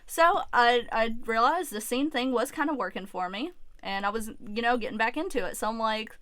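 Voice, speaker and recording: A woman's voice: a little high, moderate pace, hardly any pauses, sharp tone, no echo. Candid young woman vlogging, dry sound. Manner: candid and emotional, swears freely, many likes and restarts. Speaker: YouTuber. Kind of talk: personal storytime vlog.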